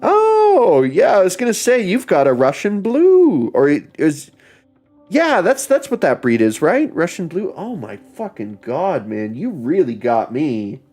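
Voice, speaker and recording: A man's voice: fairly high pitch, wildly swooping pitch, unhurried, darkish tone, soft background music. Laughing, rambling male streamer. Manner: rambling, laughing, swears casually. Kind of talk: casual livestream chat.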